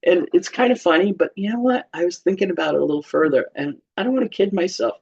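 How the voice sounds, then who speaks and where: A woman's voice: lowish voice, fast, vocal fry, a little mellow, breathy edge. A woman giving informal, humorous Bible teaching in a chatty way, laughing often. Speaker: church teacher. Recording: slightly dull lo-fi sound.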